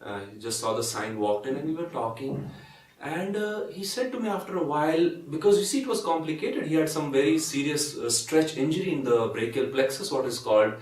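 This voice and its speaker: A man with an Indian English accent giving a spiritual talk, telling stories gently and acting out the voices of the people in them. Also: fairly high pitch, lively intonation, brisk, distant mic. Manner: gentle, anecdotal, acts out quoted voices. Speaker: spiritual speaker and doctor. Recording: echoey room, voice from off-mic.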